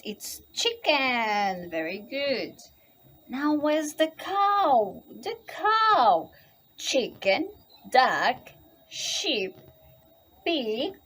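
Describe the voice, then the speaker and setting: Slow, lively-voiced woman teaching children. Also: sits high. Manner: teacherly, slow and exaggerated, quizzing the listener. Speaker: English teacher. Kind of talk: slow, sing-song spelling lesson for young children.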